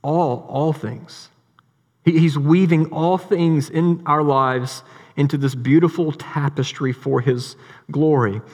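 Preacher guy, kinda high voice, chatty sermon, lots of echo from the sanctuary. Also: slow. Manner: conversational, animated storytelling with repeated words. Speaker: pastor. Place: church sanctuary. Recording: long hall reverb.

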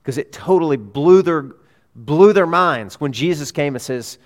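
A man preaching a sermon as a pastor, earnest, swelling to emphatic peaks and dropping low. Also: lively intonation, measured pace. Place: church sanctuary. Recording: long reverb of a hall.

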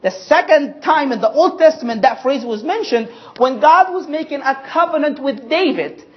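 A woman from Egypt, preaching a sermon with emphatic stress and slow, weighted quotations. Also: high voice, lively intonation, lo-fi sound. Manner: emphatic, slows and stresses quoted scripture.

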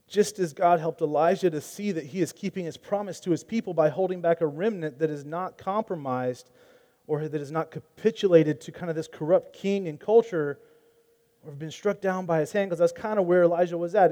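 A man's voice: fairly high pitch, normal speed, dark tone. A man preaching a sermon in an earnest, conversational way, often restarting his sentences. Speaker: pastor.

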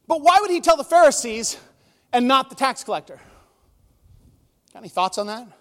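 High-voiced man preaching in a reverberant hall. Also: sing-song, moderate pace, a bit bright. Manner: conversational, emotional storytelling. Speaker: pastor. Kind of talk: sermon. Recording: long reverb of a large hall.

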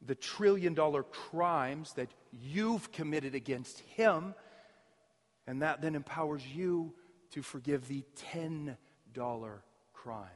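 A man preaching a sermon as pastor, his emphasis surging loud and then dropping to near quiet. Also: fairly high pitch, slow. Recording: reverberant hall.

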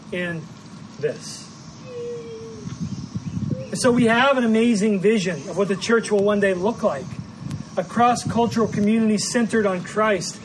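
Midwestern american guy preaching, pretty high voice, earnest and measured, bit of faint noise behind. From Midwestern United States. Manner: earnest, measured, with frequent repeated words. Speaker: pastor. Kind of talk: sermon.

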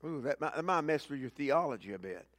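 This is a man giving a sermon as a pastor, shifting between booming emphatic lines and hushed asides and repeating important phrases. His intonation is lively and his pace quick, with no room sound.

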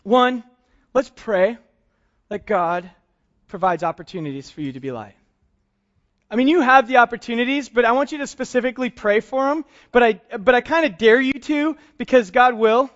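A middle-aged male pastor with a high voice gives a casual, story-driven sermon, swinging between animated retellings of conversations and quieter, earnest moments. The recording sounds a little muffled. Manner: animated storytelling, acts out both sides of dialogues, self-deprecating humor. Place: church service.

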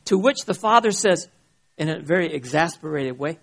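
Husky-voiced man preaching a sermon. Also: a little high, expressive, fairly bright tone. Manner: emphatic, checks in with "You see?" and "Okay?"; reads scripture slowly and deliberately. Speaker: pastor.

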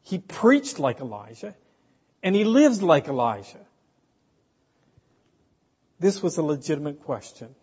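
A man preaching a sermon in a slow, emphatic way, asking the congregation rhetorical questions. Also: on the high side, big pitch swings, darkish tone, husky. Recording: dull, hall reverb, from a distance.

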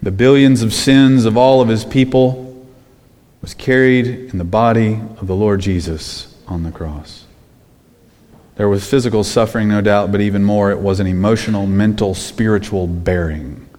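A man preaching a sermon, emphatic, dropping to hushed low phrases and then rising to loud ones. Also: normal speed. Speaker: pastor. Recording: long hall reverb.

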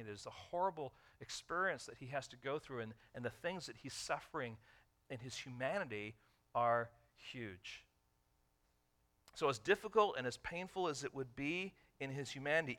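A man preaching a sermon as a pastor, repeating key lines, asking the listeners questions, and swinging between loud emphasis and quiet, drawn-out phrases. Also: a little high.

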